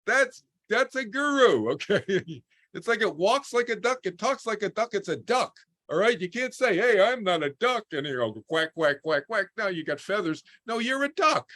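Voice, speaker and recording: Fairly high-voiced man giving an informal talk. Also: very animated, normal speed, pushed and bright, no room sound, studio quality. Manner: conversational, keeps checking in with "okay?". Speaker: spiritual teacher speaking to a parent support group.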